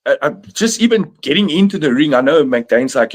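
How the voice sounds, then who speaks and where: A man's voice: a little high, lively intonation, normal speed. A man on a streamed video call, rambling through his opinions with many likes and restarts. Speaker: podcast panelist. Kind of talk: casual chat.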